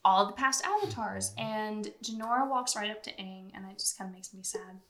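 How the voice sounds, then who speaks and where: A woman co-hosting a casual podcast, telling a lively story and laughing often. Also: medium pitch, moderate pace, reverberant. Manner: animated storytelling, frequent laughter. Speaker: podcast co-host. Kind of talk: casual chat.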